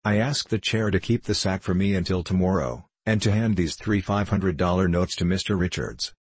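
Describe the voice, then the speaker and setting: A man voicing a cool, mysterious male stranger who speaks in a measured, courteous way in an audiobook. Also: sits low, slightly rough. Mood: composed.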